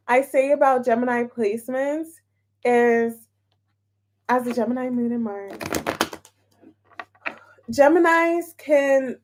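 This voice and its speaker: A woman's voice: on the high side, darkish tone, a little hiss or hum. A young woman reading tarot and chatting casually with her viewers in a bubbly, laughing way. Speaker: tarot reader. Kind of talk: casual live-stream chat.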